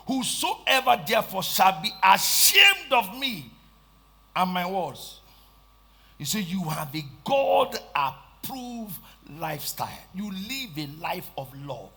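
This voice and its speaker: A man with a Nigerian accent preaching a sermon, swinging between shouted lines and hushed asides and repeating phrases for emphasis. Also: sits high, gravelly, husky. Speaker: pastor.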